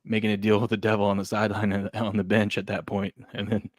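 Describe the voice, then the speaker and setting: Guy hosting a sports betting show, jokey and lively, dry sound. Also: on the low side, fast, dry recording. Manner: animated, jokes, reads chat comments. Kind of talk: casual sports chat.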